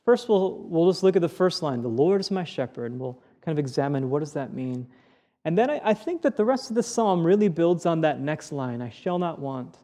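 A male pastor delivering a sermon, reading scripture and then teaching from it in an earnest, unpolished way, often restarting his sentences. His voice sits a little high for a man yet sounds mellow and warm. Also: sing-song, fairly quick.

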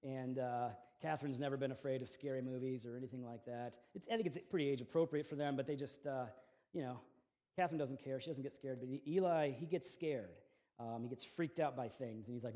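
A man's voice: medium pitch, fast talker, warm tone. A man in his forties preaching a sermon as pastor, telling stories in a conversational way with fillers and restarts.

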